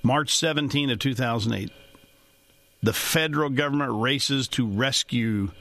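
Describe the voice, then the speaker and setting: A man's voice: medium pitch, unhurried, gravelly, bright, forceful tone. A man in the financial services trade hosting a talk show, rambling in a folksy way with chuckling asides. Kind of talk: casual monologue.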